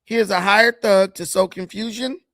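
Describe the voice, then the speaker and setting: A high-voiced man hosting a casual political commentary show, mocking and laughing, slangy and repetitive. His voice is close and dry, without any room sound. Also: steady tone, moderate pace, bright, forceful tone, no room sound. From United States.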